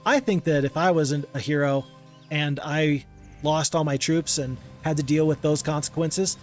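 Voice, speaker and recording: A man's voice: fairly high pitch, moderate pace, faint music behind. A man giving casual gameplay commentary as a channel host, thinking aloud, counting under his breath and criticizing his own moves.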